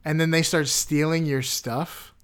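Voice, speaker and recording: A man's voice: on the high side, steady tone, unhurried, fairly bright tone, smooth. A man co-hosting a casual podcast, telling stories loosely with lots of "like" fillers and dry puns while running a quiz. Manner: loose storytelling with many "like" fillers, dry wordplay. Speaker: podcast co-host presenting facts and quiz. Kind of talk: casual chat.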